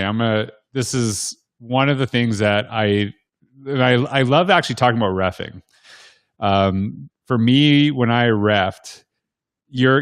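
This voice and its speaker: A man's voice: mid-range voice, no room sound. Rambling storyteller man, dry sound. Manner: rambling, many restarts and "like"s. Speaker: guest panelist, educator and former basketball referee. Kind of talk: casual storytelling on a video panel.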